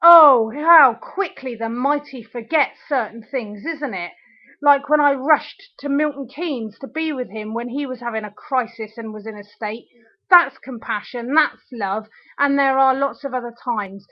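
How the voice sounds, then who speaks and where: A young woman with a high voice rants into her webcam at home, sarcastic and swearing, close to tears at times. The sound is dull and lo-fi. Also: a little slow. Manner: furious, ranting, sarcastic, swearing. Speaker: video diarist. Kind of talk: angry ranting video diary.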